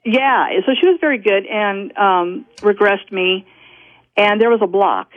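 A woman recounts a personal story down a thin, tinny telephone line. Her speech is dry and close, full of restarts and small laughs. Her pitch sits in an ordinary middle range. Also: a little slow, dry recording. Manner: rambling, self-interrupting, laughs often. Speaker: guest.

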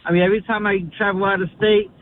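A man with a New Jersey accent calling into a radio show, talking eagerly and excitably. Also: sits high, rapid-fire. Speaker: caller. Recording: tinny phone line with faint noise.

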